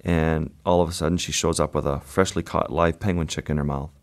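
A man, a wildlife photographer, being interviewed and telling a vivid, unhurried story about his work. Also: extremely low pitch, fairly even intonation.

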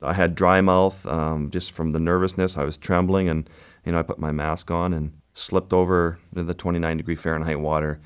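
A man, a guest photographer, recounting an encounter in a vivid, measured way during an interview. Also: sits low, little pitch movement, clean tone. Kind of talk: storytelling interview.

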